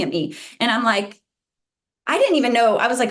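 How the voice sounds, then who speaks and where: A woman's voice: a little high, fairly quick. A woman guest speaker, a psychology professor, giving an informal lunch talk over a video call, telling stories animatedly and restarting her sentences often. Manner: animated storytelling, many restarts.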